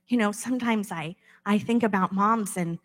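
A woman's voice: medium pitch, moderate pace. A woman pastor preaching a sermon from a church stage, impassioned, acting out inner voices with big swings in tone.

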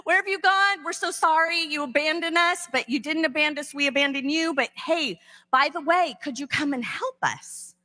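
A woman's voice: high voice, moderate pace, sharp tone, voice pushed up. A woman in a sermon voicing a whiny, pleading crowd of ancient Israelites. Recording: long echo of a large hall.

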